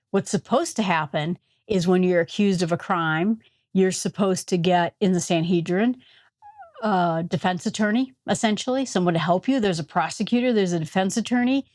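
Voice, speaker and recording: A woman's voice: mid-range voice, a little mellow, no echo, studio quality. A woman with an Upper Peninsula Michigan accent casually teaching a Bible passage, retelling scenes with chatty asides. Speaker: Bible study host.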